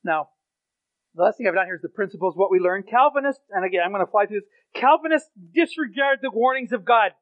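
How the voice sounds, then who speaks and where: High-voiced preacher on a tinny line. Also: male voice, lively intonation, fast, no echo. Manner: swings from loud high emphasis to low quiet asides. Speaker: pastor. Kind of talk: sermon. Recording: dry, tinny phone-like sound.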